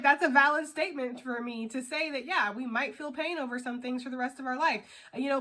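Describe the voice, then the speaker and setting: A woman talks through a tarot reading in a loose, rambling way, full of fillers and casual swearing. Her voice sits somewhat high and has a bright, forward edge. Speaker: tarot reader.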